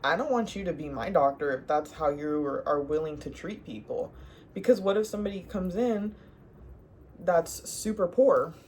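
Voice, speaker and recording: A woman's voice: on the low side, slight background noise. Sassy young woman giving advice. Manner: sassy, animated, laughs often, talks to viewer as girl. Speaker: advice vlogger. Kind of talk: casual advice monologue.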